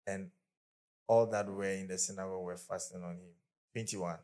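A man's voice: deep voice, fairly even intonation, normal speed, warm tone. A male pastor preaching a sermon to a church congregation, leading call-and-response and speaking emphatically with bursts of laughter.

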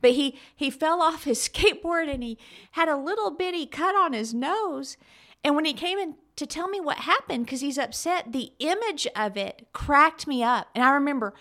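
A middle-aged woman co-hosts a casual talk show with a slightly high voice. She tells stories in an animated way and laughs often. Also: moderate pace. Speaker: podcast co-host. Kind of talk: casual chat.

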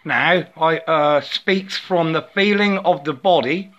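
A man's voice: fairly high pitch, slow pace, a bit bright, muffled recording. A man rambling through a spiritual monologue into a phone, chanting wordless syllables and tagging his sentences with "yeah?", often stammering and repeating words.

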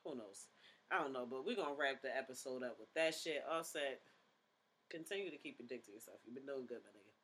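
A man's voice: medium pitch, animated, fast talker, noisy background. A man hosting a podcast in casual chat, laid-back, rambling and profane. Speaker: podcast host.

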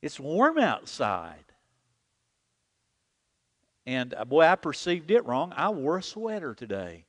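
A fairly high-pitched male pastor preaches at normal speed with few pauses, his delivery animated. In the church sanctuary, with long hall reverb, he leads the congregation as they repeat a prayer after him.

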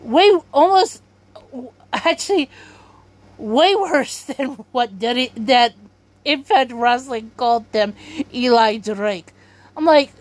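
A woman's voice: on the high side, lively intonation, takes it slowly, long pauses. A woman hosting a podcast, rambling in casual commentary, often stopping herself mid-sentence and laughing. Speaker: podcast host.

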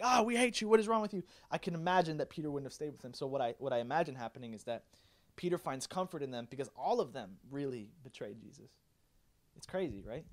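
A young man preaching a youth sermon in a casual, animated way, full of fillers and acted-out quotes. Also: medium pitch. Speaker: youth pastor.

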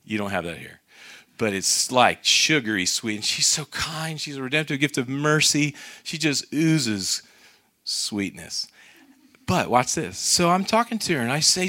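A middle-aged man from North Carolina delivers a sermon in a bright, slightly high voice. He tells stories, slipping into the voices of the people in them. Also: normal speed, breathy edge. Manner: animated storyteller, acts out quoted voices. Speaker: preacher. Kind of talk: sermon storytelling.

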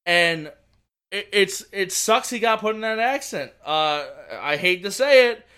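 A man with a high, bright voice co-hosts a casual podcast. He rambles eagerly, restarting sentences as he goes. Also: unhurried, clear, resonant tone. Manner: excited, rambling, many restarts. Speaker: podcast co-host. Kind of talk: casual racing chat.

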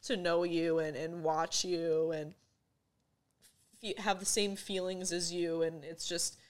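A woman's voice: fairly low pitch, flat delivery, slow pace. A young woman hosting a podcast, supportive and affirming toward her guest in heartfelt talk. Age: young adult. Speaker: podcast host. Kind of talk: heartfelt conversation.

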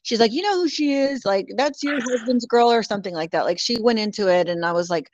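A woman's voice: a little high, lively intonation, brisk, hardly any pauses, no echo. A woman from California telling a story in casual chat, bluntly, with lots of swearing and "like" fillers. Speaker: guest. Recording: dull lo-fi dry audio.

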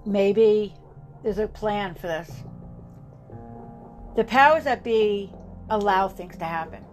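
A woman's voice: medium pitch, takes it slowly, soft background music. A woman delivering an impassioned political monologue, emphatic and rousing, repeating lines for effect and dropping to a grave tone for warnings.

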